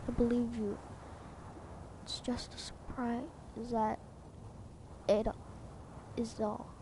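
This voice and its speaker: A woman's voice: a little high, slow pace, noisy background. A woman reading as a teasing mother. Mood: dry teasing. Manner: quiet, flat reading of on-screen dialogue. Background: game music.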